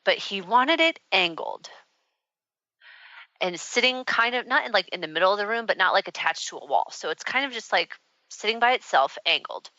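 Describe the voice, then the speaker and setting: A woman's voice: mid-range voice, animated, moderate pace, sharp tone, no echo. A woman hosting a radio talk show, telling a personal story in a rambling, candid way with many fillers. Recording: dull, muffled radio audio.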